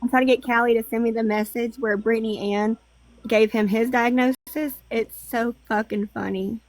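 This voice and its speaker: A woman's voice: on the high side, fairly even intonation, normal speed. A woman in a casual livestream chat, joking, swearing freely and laughing often.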